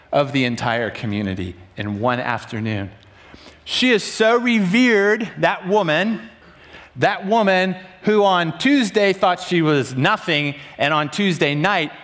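Animated male preacher, dramatic swings. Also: on the high side. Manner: dramatic, swings between loud urgency and hushed emphasis. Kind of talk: sermon. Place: room with a congregation.

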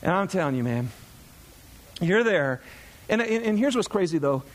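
A man in his thirties, a pastor, preaching in a chatty, animated storytelling way to his congregation. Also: high-pitched, normal speed.

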